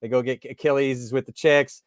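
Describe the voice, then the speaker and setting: A man hosting a casual sports interview, chatty and animated, telling stories in casual slang. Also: mid-range voice, fairly quick.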